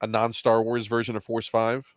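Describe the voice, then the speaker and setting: A man's voice: medium pitch, completely flat delivery, moderate pace, no echo. A man with a General American accent hosting a casual chat in a wry, playfully teasing way. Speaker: host.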